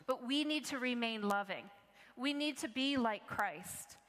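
A woman's voice: on the high side, animated, a little slow, a bit bright, big-room sound. A woman preaching a sermon, telling a personal story in an earnest, conversational way with frequent restarts.

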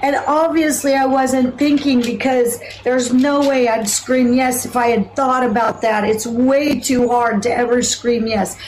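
Woman, missionary, personal testimony; high voice, unhurried delivery, earnest and emphatic. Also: fairly even intonation, darkish tone, a little hiss or hum, rough recording. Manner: earnest, emphatic storytelling with repeated phrases.

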